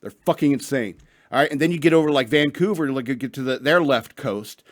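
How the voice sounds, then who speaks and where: A man's voice: mid-range voice, quick pace, no echo, clean studio sound. A man hosting a radio show, ranting and reading news stories in a rambling, profane way with lots of restarts, a bit tipsy.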